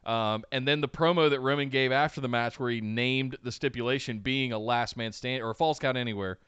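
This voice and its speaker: A man co-hosts a casual wrestling podcast, giving an enthusiastic recap full of fillers. His voice is smooth and resonant at a middle pitch. The recording is dry and close. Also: brisk, a bit bright, no room sound, muffled recording. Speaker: podcast co-host.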